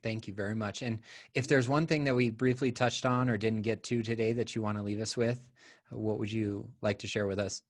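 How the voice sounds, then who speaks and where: A man's voice: fairly low pitch, fairly even intonation, fairly quick. A man hosting a podcast, talking candidly and rambling, with casual swearing. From United States. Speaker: podcast host.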